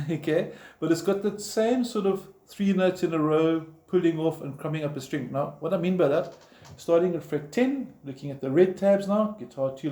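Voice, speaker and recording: A man's voice: fairly high pitch, warm tone. A man teaching a guitar lesson step by step, patiently explaining while he plays and counting in. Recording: roomy echo, guitar playing behind.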